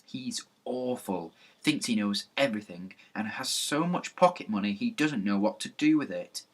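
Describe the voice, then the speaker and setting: A man's voice: fairly low pitch, expressive, moderate pace. A man voicing a chatty young schoolboy who asks questions and shares gossip. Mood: hushed.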